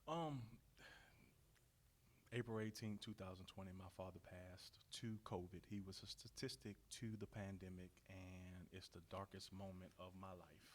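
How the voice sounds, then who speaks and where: A man and singer sharing a somber personal memory in a measured, hesitant way with many pauses. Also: low-pitched, a little hiss or hum.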